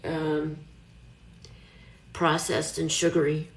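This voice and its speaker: A middle-aged woman talks casually on a live stream, wandering from thought to thought in a low voice. She sounds chatty and self-reassuring. Her voice carries an echo from the room. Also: level tone, slow pace, gravelly. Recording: echoey room.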